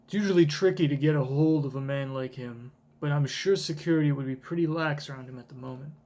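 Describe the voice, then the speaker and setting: A man's voice: fairly high pitch, fast talker, a little mellow, lightly acted. A man reading a stern rebel leader. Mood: solemn. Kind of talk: reading a comic aloud in voices.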